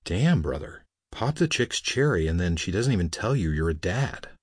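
A man's voice: low voice, big pitch swings, normal speed, slightly rough, no echo, studio quality, exaggerated voice. A man voicing a crude, joking male biker who talks in a mocking way.

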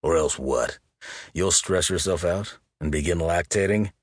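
A man voicing a gruff, scornful crewman who growls his lines loudly. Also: sits low, unhurried, dry recording, studio quality. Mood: mocking.

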